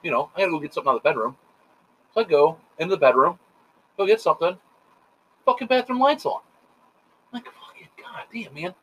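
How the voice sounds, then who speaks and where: High-voiced man telling profane stories. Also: fast talker, long pauses. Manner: rambling, profane, animated storyteller. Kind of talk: casual storytelling chat. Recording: dull lo-fi sound.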